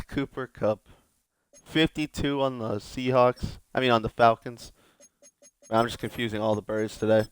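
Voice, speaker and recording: A young man chatting loosely over a sports video game, joking and rambling to himself as he plays. His commentary is casual and offhand, with a medium-pitched voice. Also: normal speed, clean tone, no room sound. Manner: joking, rambling self-talk. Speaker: gaming video host.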